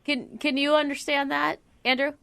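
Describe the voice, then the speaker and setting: A woman's voice: sits high, level tone, moderate pace, vocal fry, pushed and bright, dry recording. A woman co-hosting a morning radio show, throwing in teasing, laughing asides. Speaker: radio co-host.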